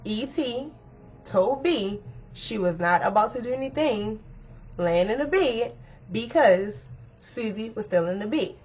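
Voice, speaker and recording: Animated young woman telling a story. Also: fairly high pitch, a little slow, slightly rough, lo-fi sound, soft background music. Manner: animated, swearing, bursts of laughter. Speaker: vlogger telling a story time. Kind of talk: casual storytime chat to viewers.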